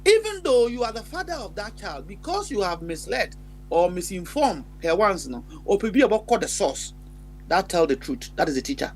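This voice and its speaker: A man with a Ghanaian accent telling a story in animated chat, switching between English and Twi and laughing often. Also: high voice, normal speed, a little hiss or hum, low-quality recording.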